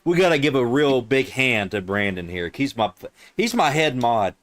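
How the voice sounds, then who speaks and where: A man's voice: mid-range voice, big pitch swings, normal speed, a bit bright, no room sound. A man with a Southern accent hosting his stream, brash and mocking, swearing freely, tired.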